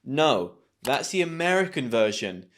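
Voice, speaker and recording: A man's voice: medium pitch, big pitch swings, a little slow, fairly bright tone. A man with a British accent teaching English in an upbeat, chatty YouTube lesson. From Britain.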